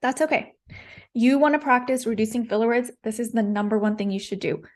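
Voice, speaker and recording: A woman's voice: fairly high pitch, steady tone, brisk, a little mellow. A woman coaching public speaking in a live-streamed lesson, direct and encouraging, repeating her key points.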